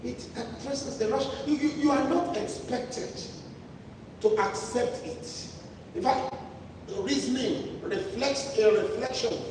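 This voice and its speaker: A high-voiced man preaches a sermon, pressing his points through repetition and restarts. He sounds far from the mic in a large, echoing hall with long reverb. A clear layer of noise sits under his voice. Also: slow pace. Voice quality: emphatic, repetitive phrasing with restarts. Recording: echoey hall from far off, noisy.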